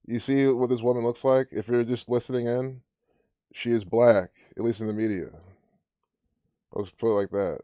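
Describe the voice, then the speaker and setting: A man's voice: medium pitch, fairly even intonation, normal speed, pauses often, dark tone, no echo, clean studio sound. A man hosting his own commentary channel, talking casually and scornfully over a news clip, often sarcastic and laughing.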